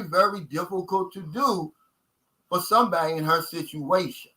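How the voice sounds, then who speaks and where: A channel host from the United States with a Kentucky accent runs a casual livestream chat, folksy and emphatic, repeating his main points and addressing viewers as guys. His voice sits high with a sharp tone, and the recording quality is low.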